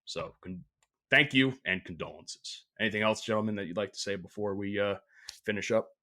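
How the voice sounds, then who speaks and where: A man hosting a podcast, talking casually and crudely, with plenty of swearing and loud laughter. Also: on the low side, brisk. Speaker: podcast host. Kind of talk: casual chat.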